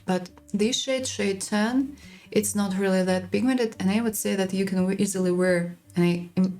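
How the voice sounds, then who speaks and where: A woman giving a frank, unhurried makeup product review as a beauty vlogger. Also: mid-range voice, vocal fry, a little mellow.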